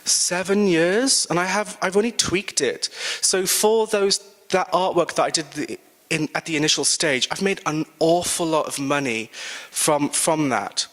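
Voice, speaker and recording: A British man giving a casual, animated guest talk to students, chatty and self-mocking. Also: fairly high pitch, unhurried. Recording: long reverb in a hall.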